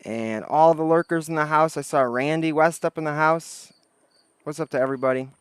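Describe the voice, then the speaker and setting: With a voice on the high side, a steady tone and a clear, resonant quality, a man talks a little fast while hosting a casual livestream outdoors. He greets chat, rambles and thinks aloud with viewers. His desk microphone yields a dry recording.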